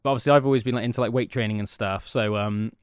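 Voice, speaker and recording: A man's voice: lowish voice, fairly even intonation, very fast, clear, resonant tone, no room sound, clean studio sound. A young man, co-hosting a podcast as a rambling, self-mocking storyteller. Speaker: podcast co-host. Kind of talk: casual chat. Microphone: studio mic.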